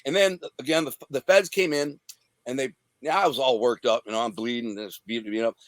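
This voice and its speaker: A man's voice: medium pitch, fairly even intonation, brisk, no echo. A man from the Detroit area, a guest telling a blunt, profane, streetwise story from his past. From Detroit area, USA. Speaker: interview guest.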